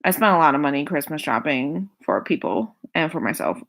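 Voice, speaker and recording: A woman's voice: deep voice, sing-song, a little fast, a bit bright. A young woman in her twenties casually chatting through a makeup wishlist, repeating herself, sighing and laughing between items. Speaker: makeup vlogger. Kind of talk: casual product rundown.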